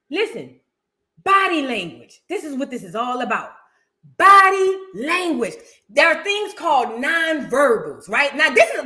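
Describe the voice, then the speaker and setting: A woman hosting a reaction show, giving blunt, profane, animated commentary in a casual way. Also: high-pitched.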